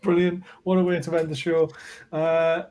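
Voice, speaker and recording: A man's voice: fairly high pitch, little pitch movement, moderate pace, noisy background. A man, in his thirties, hosting a casual football chat show in a laid-back, chatty way. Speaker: host.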